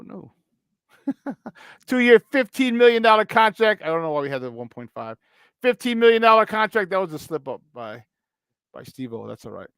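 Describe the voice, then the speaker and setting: A man hosting a sports talk show, reading the chat and chatting in an animated way, swinging between loud and soft. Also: high voice, no room sound, studio quality.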